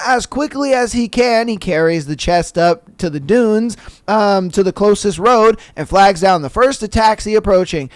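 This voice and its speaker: A man's voice: high-pitched, clear, resonant tone, no echo, clean studio sound. A man hosting a podcast, reading listener jokes aloud and chatting casually, calling his co-host "bro" and laughing along. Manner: laid-back, says "bro" a lot, laughs at own reading.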